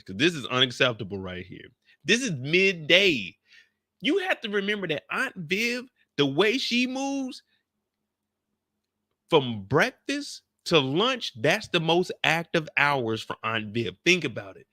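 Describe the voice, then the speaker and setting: A man hosting a casual video recap, full of slang and jokes, speaking straight to his viewers. His tone is bright and forward. The sound is close and dry, with no room echo. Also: fairly high pitch. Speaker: host of a TV recap channel. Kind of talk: casual, animated video commentary.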